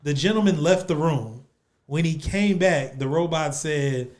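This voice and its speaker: A man's voice: on the high side, unhurried, a little mellow. A man hosting a casual podcast chat, laughing often and repeating words as he steers the talk. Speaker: podcast host.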